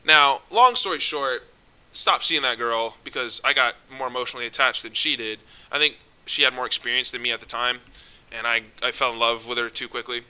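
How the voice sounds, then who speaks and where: Bright-voiced young man ranting. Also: medium pitch, brisk, smooth. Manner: profane, exasperated, rising to near-yelling when worked up. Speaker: vlogger. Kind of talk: casual ranting monologue.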